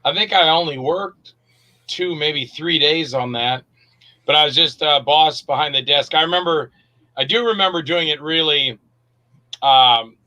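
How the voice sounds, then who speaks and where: A man, an actor and director, chatting as an interview guest and telling animated stories. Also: on the high side, measured pace, dull audio. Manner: animated storyteller, acts out quotes. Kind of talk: casual interview chat.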